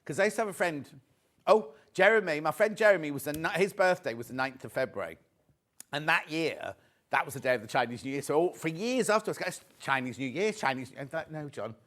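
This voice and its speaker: A man's voice: on the high side, animated, fairly quick, fairly bright tone. A man presenting a live sales show in a TV studio, chatty and jokey as he pushes deals and reads out viewer messages. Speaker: shopping channel presenter.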